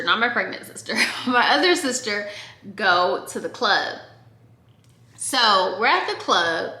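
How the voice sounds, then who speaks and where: A young woman from Oregon chats through a storytime, talking straight to her viewers with lively, animated energy. Her voice sits a little high and sounds bright and sharp. The room around her rings with echo. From Oregon, USA. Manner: chatty, animated, addresses viewers directly. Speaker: vlogger. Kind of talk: casual storytime. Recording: echoey room.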